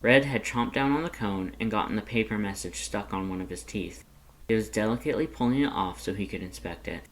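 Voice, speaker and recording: A man gently reading a fan story aloud in an unhurried way. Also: on the low side, poor audio. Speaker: fanfiction reader. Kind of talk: read-aloud narration.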